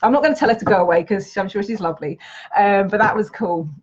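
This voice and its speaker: A woman's voice: medium pitch, fast talker, husky. A woman reading tarot and chatting with viewers on a live stream, bubbly and enthusiastic and laughing often. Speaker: tarot reader and trainer. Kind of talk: Facebook Live chat with viewers. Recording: slightly dull lo-fi stream audio.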